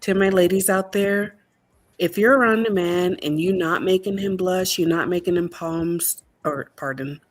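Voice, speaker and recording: A woman's voice: lowish voice, normal speed. A woman from Colorado calling in to a casual talk show, blunt and chatty with lots of fillers. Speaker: guest caller. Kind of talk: casual call-in chat.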